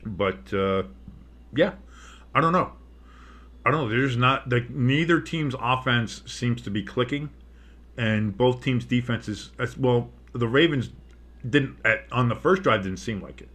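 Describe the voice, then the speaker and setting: Unhurried, with medium pitch and a slightly bright sound, a man offers casual play-by-play of a live football game. He wanders off track, swears in reaction, and begins sentences again.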